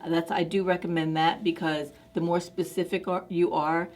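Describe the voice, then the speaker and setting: A woman's voice: lowish voice, level tone, normal speed, darkish tone. A woman vlogger chatting casually to camera in an effusive, enthusiastic way, with many fillers.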